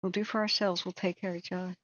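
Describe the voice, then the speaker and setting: A woman's voice: on the low side, flat delivery, very fast, a bit bright, no room sound, highs cut off. A woman who hosts a wildfire tracking channel, giving a blunt, heated commentary rant with swearing.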